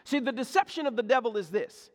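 Speaking fast in a very high pitch, a male pastor delivers a sermon in a hall full of echo. He spins a folksy story with animation and humor, repeating words again and again.

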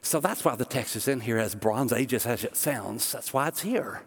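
A man's voice: mid-range voice, animated, normal speed, husky. A middle-aged man preaching a sermon as pastor, emphatic and impassioned, repeating his key phrases. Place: church sanctuary. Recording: long hall reverb.

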